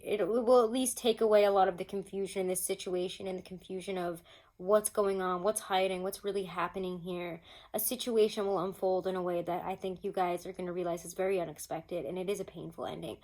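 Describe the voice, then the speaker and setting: A woman giving a casual tarot reading at home, chatty and expressive, laughing often and throwing in mock-exasperated asides. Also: mid-range voice. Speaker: tarot reader.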